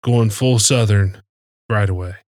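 A man's voice: on the low side, a little slow, darkish tone, dry recording, clean studio sound. A man co-hosting a casual sports talk show, joking and rambling with lots of fillers. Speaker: podcast co-host.

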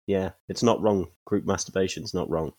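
A man's voice: sits low, fairly even intonation, normal speed, darkish tone, no echo. A man bantering on a podcast, cutting in with teasing questions and laughing. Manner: teasing interjections, laughs a lot. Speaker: podcast co-host. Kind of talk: casual banter.

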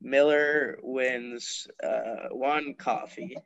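Slow, halting podcast host. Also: male voice, medium pitch, fairly even intonation, vocal fry, fairly bright tone, clear, resonant tone, highs cut off. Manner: rambling, halting, laughs often. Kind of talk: casual podcast banter.

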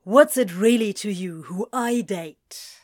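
A defiant young man trading sharp retorts with his father in a storybook, as a woman narrator puts him on. He speaks slowly with a level middle pitch.

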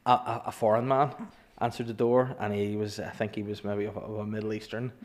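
A young Northern Irish man chats casually and comedically, telling funny stories, swearing, laughing a lot and acting out voices. His voice is on the low side and a little mellow, level in tone and brisk in pace.

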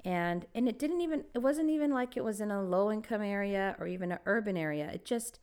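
A woman co-hosting a podcast, telling a story in a lively, casual way and laughing often. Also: medium pitch, brisk, smooth. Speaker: podcast co-host.

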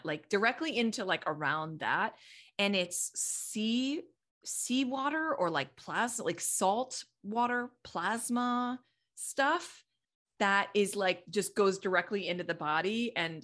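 A woman's voice: on the low side, a bit bright. A middle-aged woman hosting a podcast in casual chat, rambling along in a stream of thought and laughing often. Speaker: podcast host.

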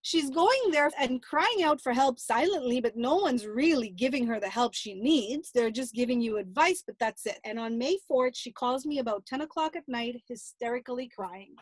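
A middle-aged woman with a high voice recounts a painful family ordeal in an interview. She tells it earnestly and with animation. The sound is dry and close, with no room around it. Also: expressive, moderate pace, hardly any pauses, husky, no room sound. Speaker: interview guest, grandmother. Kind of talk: emotional personal account.

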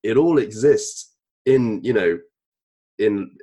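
A man's voice: lowish voice, expressive, takes it slowly, mellow. A man speaking as a podcast guest, candid and reflective, with the odd casual swear. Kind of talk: casual interview chat.

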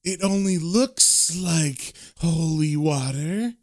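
A scheming male demon lord with a sly, haughty edge, as a man reading a comic puts him on. He mocks in a slow, deliberate way. Every line drips with scorn. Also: on the high side.

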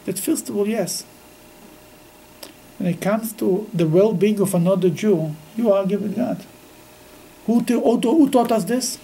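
A man teaching a weekly scripture class. He speaks haltingly, with frequent restarts, and grows lively as he tells stories. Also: sits high, creaky, breathy edge, poor audio. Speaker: Torah teacher.

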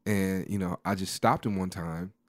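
A man in his thirties chats casually on a podcast, winding through stories with plenty of restarts and asides. His voice sits a little low. The sound is dry and close. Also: fairly even intonation, normal speed, dry recording. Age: 30s. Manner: storytelling, lots of restarts and "you know". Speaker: podcast co-host. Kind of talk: casual chat.

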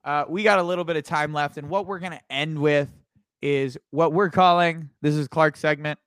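Male co-host, slightly higher pitch, relaxed sports chat, dry mic. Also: moderate pace, clear, resonant tone, dry recording. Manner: easygoing, laughs often. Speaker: podcast co-host.

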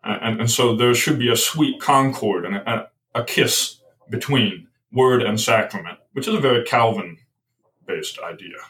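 A man of middle pitch speaks as a guest on a podcast, thinking aloud with many restarts and small hesitations. He sits a little back from the microphone, so his voice sounds slightly distant. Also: measured pace, a bit bright. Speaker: guest author. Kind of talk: podcast conversation.

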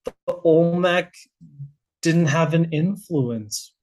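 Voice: medium pitch, takes it slowly, a little mellow. A guest researcher with an American accent explaining their field in casual conversation, thinking aloud with many restarts.

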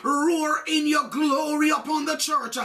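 A woman preaching and praying fervently, shouting repeated declarations and slipping into sung, chanting phrases. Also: high-pitched, fairly even intonation, measured pace. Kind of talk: fervent sermon and prayer. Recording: voice picked up from a distance.

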